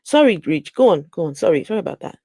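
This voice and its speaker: Animated low-voiced woman with gravelly tone. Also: fast, dry recording, clean studio sound. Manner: animated, exclaiming, reads viewer comments aloud. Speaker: channel host. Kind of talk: casual livestream chat.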